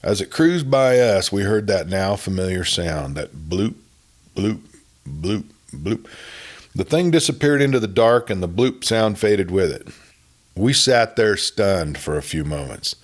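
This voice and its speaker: A man narrating a spoken story in a folksy, unhurried way. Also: fairly low pitch, lively intonation. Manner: folksy, unhurried, starts sentences with "well".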